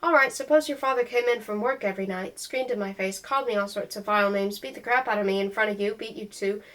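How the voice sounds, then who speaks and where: A woman's voice: medium pitch, quick pace, fairly bright tone, lightly acted, low-quality recording. A woman reading a novel aloud, voicing a blunt, outspoken mother who speaks firmly and emphatically. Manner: firm and emphatic.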